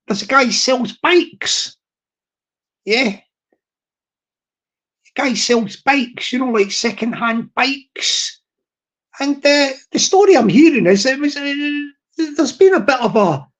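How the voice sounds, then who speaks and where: A man's voice: extremely high pitch, a bit bright. A man chatting to his live stream audience in a rambling, teasing way, repeating himself and restarting.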